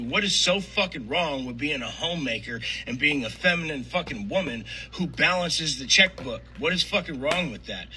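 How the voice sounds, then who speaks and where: A man's voice: a little high, pushed and bright, slight background noise, low-quality recording. A man ranting angrily, swearing constantly and firing off rhetorical questions in an irritated tone. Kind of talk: angry profane rant.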